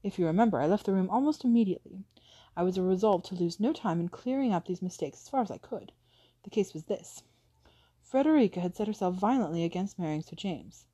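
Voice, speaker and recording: A polished, self-justifying aristocratic widow, as a woman reads her aloud, voice mellow and even. The delivery is suave and persuasive, in a classic novel audiobook. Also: mid-range voice, a little fast, husky. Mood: smooth. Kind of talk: audiobook reading.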